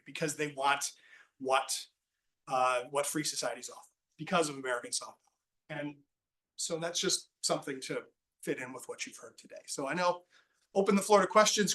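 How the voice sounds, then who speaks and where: A man's voice: a little high, sharp tone, distant mic, poor audio. A man moderating a panel discussion in a casual, rambling way with frequent restarts.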